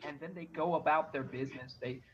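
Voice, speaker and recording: A man narrating as game master of a tabletop game, halting and full of restarts. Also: a little high, steady tone, highs cut off, slight background noise.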